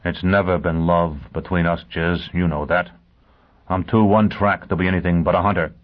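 A man voicing a hard, single-minded male hunter in an audiobook, speaking in a flat, blunt and terse way. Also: low-pitched, moderate pace, natural voice. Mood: probing. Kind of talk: audiobook character voice. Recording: tinny phone-like sound.

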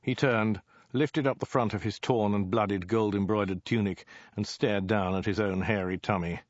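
A man reading a comic story aloud as narrator, in a dry, measured storytelling way. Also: on the low side, fairly even intonation, no room sound, muffled recording.

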